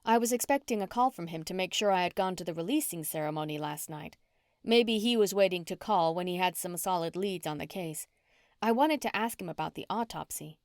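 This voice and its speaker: A woman narrates an audiobook in the first person with steady, even storytelling. Her voice is slightly low for a woman. The recording is close and dry, with no room sound. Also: brisk, no room sound.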